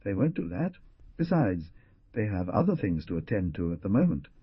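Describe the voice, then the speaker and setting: A man doing a calm, mocking frontier scout. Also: low voice, moderate pace, breathy edge, dry recording, muffled recording, exaggerated voice. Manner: calm and sarcastic.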